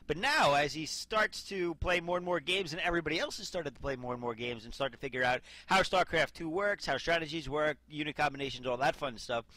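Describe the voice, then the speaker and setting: Bright chatty young gamer guy. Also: a little high, fairly quick, hardly any pauses, dry recording. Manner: chatty, rambling with fillers and asides. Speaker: game commentator. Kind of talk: casual video game commentary.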